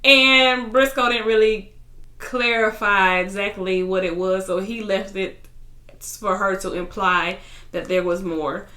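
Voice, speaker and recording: A woman's voice: mid-range voice, fairly even intonation, a little slow, pushed and bright, roomy sound. A woman casually recapping a reality TV episode, chatty and retelling scenes in paraphrased quotes.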